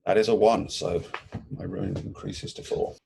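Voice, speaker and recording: A man's voice: low-pitched, sing-song, normal speed, gravelly, warm tone, a little hiss or hum. A man playing a tabletop game, talking in a hesitant, thoughtful way. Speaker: player. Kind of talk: tabletop role-play.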